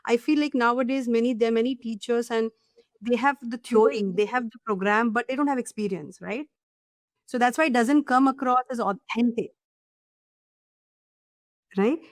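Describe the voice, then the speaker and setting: Woman host musing with a higher voice. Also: normal speed, pauses often, dry recording, studio quality. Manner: reflective, ends points with "right?". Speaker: host, interviewer. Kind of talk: interview conversation.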